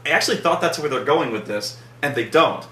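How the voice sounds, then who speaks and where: A man's voice: a little high, lively intonation, brisk, pushed and bright, reverberant, recorded from a distance. A man reviewing a film in casual chat, rambling with many fillers and repeats and a sarcastic edge. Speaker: movie reviewer, co-host.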